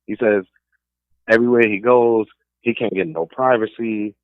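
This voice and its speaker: Brief: streetwise New York sports radio host, opinionated rant, deep-ish voice, dry phone-quality sound. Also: male voice, fairly even intonation, moderate pace, dry recording. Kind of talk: casual sports talk radio. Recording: dry, phone-like narrow band.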